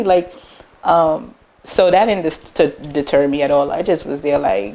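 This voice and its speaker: A young American woman, a business owner, chatting casually in an interview and telling lively personal stories, acting out the voices of people she quotes. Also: measured pace. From United States. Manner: animated, acts out quoted voices with big pitch jumps.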